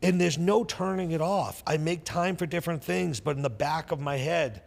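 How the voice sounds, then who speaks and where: A middle-aged man with a Boston accent, telling stories as a podcast guest in an intense, animated way. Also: on the high side, creaky, in a large hall. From Boston area, USA. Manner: intense, animated, talks in rapid bursts. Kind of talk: casual interview storytelling.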